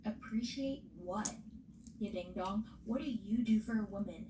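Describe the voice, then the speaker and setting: A woman's voice: mid-range voice, normal speed, roomy sound, noisy background. A woman hosting a casual recap show, talking animatedly and bluntly, swearing freely. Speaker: podcast host.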